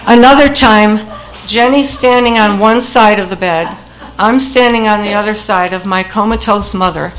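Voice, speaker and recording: A woman's voice: mid-range voice, moderate pace, rough recording. An older woman telling a personal family story in a wry, humorous way, laughing at the funny moments as she goes.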